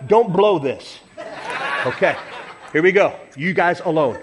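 A man preaching to a church congregation, animated and playful, sometimes leading the room in song. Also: fairly high pitch, unhurried, noisy background. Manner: animated, playful, acts out voices and leads congregation singing. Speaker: pastor. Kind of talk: sermon.

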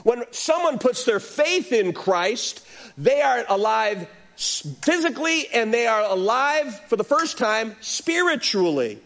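Male pastor, middle-aged, lively storytelling sermon, high voice with big swings. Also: unhurried. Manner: animated storytelling preacher, acts out voices.

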